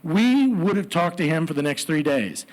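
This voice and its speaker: A man telling a personal story at a live story slam, animated with comic asides. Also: a little high, moderate pace.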